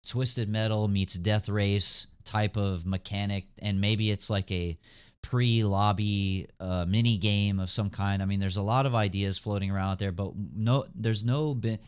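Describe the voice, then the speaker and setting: A man's voice: fairly low pitch, steady tone, measured pace, clear, resonant tone. A young man hosting a casual gaming podcast, rambling with lots of fillers and hedges. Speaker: podcast host. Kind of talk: casual chat.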